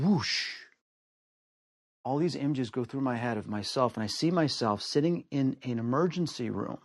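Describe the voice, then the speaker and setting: A man from the United States recounts a personal story, jumping up in pitch and loudness whenever he acts out what someone said. His voice sits in the middle range for a man. The recording is dry and close, with no room sound. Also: no echo. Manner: acts out quoted voices with big pitch swings. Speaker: storyteller guest.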